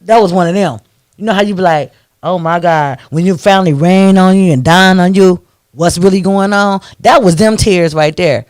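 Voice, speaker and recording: A man hosting a radio talk show, ranting in an animated, preachy way into a studio microphone. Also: high-pitched, normal speed, dry recording.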